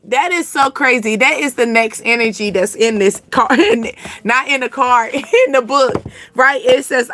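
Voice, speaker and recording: High-voiced woman doing a live reading, bright and chatty, kinda rambly, dry close sound. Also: normal speed, no echo. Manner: rambling, chatty, answers chat comments. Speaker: channel host giving intuitive readings. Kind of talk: casual live reading to chat.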